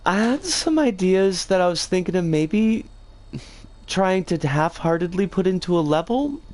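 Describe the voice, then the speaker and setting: A streamer chats casually to their livestream, drifting from one thought to the next and dropping bits of playful slang. The voice sounds rough and scratchy today. The delivery is unhurried, but the pitch swings up and down a lot. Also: expressive, a little mellow. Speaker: game streamer.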